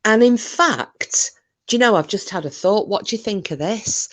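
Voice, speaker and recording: A woman's voice: mid-range voice, expressive, normal speed. A woman hosting a casual live-stream chat, rambling and self-interrupting with frequent jokes. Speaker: livestream host.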